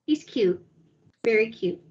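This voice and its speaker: A woman's voice: a little high, expressive, takes it slowly, darkish tone. A woman chiming in with short remarks during a casual chat. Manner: brief interjections, drawn out. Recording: distant, dull lo-fi mic with faint hiss.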